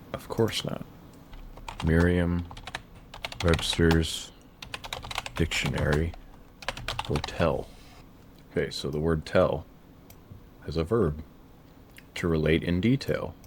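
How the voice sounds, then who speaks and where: A man doing a Bible word study over his screen, dryly opinionated and slowing down to read verses aloud. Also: rumbling low, noisy background. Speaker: Bible study video creator.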